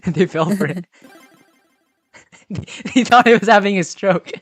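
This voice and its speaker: A young woman chatting with a friend on voice chat, giggly and quick as she plans pranks. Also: medium pitch, husky, no room sound, faint music behind. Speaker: friend of the streamer. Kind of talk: casual chat over voice chat.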